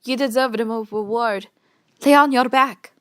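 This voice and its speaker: A woman's voice: on the high side, normal speed, dry recording, clean studio sound, lightly acted. A woman voicing a bossy, commanding female pony princess who gives stern, teasing orders.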